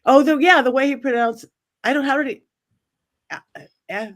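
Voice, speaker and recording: A woman hosts a casual group chat. She speaks haltingly, restarting sentences and leaning on fillers as she works out what she means. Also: high-pitched. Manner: hesitant, full of restarts and fillers. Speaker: podcast host.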